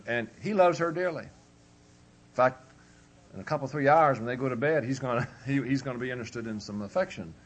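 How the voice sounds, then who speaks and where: A man giving a humorous, conversational marriage workshop as a preacher, acting out husband and wife as he talks. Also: fairly low pitch. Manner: humorous, conversational, acts out both spouses. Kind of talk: folksy workshop lecture.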